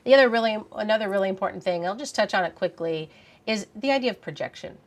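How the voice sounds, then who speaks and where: A woman's voice: medium pitch, lively intonation, quick pace. A woman who teaches, moderating a panel and asking the other speakers questions. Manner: guides the talk with questions. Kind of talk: panel discussion.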